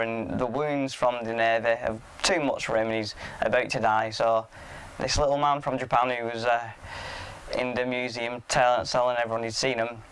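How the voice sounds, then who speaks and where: A young man talks through a film's plot in a loose, rambling way. He swears freely and often sounds mock-incredulous. His voice is smooth and clear, at a middling pitch. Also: a bit bright. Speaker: podcast host reviewing a film. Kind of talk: casual film recap chat.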